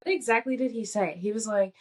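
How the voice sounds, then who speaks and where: A young woman co-hosting a podcast, telling animated, profane stories in casual chat and mimicking other people's lines. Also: on the high side, quick pace, noisy background. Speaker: podcast co-host.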